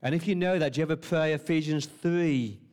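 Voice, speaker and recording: A man's voice: on the high side, a little fast, a little mellow. A man preaching a sermon, stressing key words through repetition and asking the listeners rhetorical questions.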